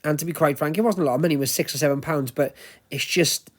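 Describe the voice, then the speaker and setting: Browsing a charity shop with an action camera strapped on, a Welsh-accented luxury resale vlogger talks fast in a slightly high voice. He rambles on casually, going into lengthy explanations as he shops.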